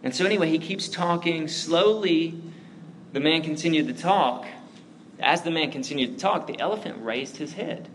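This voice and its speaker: A man preaching a sermon, praying and then telling a story in a relaxed, chatty way, full of "like" and "right?". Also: on the high side, normal speed, a little hiss or hum, low-quality recording. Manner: conversational, lots of fillers like "like" and "right?". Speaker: pastor.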